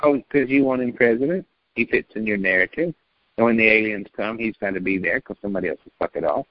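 A man's voice: lowish voice, fast, muffled recording. A man talking politics on a podcast in a rambling, profane, mocking way.

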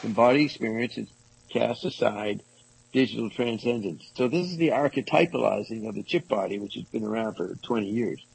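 A man reading passages from a book aloud to a small group and commenting on them, halting and rereading lines as he goes. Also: lowish voice, creaky, darkish tone, slightly rough, rough recording. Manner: halting, restarts and rereads passages, asides to listeners. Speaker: discussion leader reading from a book.

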